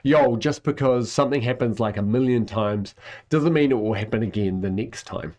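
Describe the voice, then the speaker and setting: A man's voice: medium pitch, moderate pace, a little mellow, lightly acted. A man voicing an eighteenth-century male Scottish philosopher in a Scottish accent, paraphrasing in casual slang. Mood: flippant.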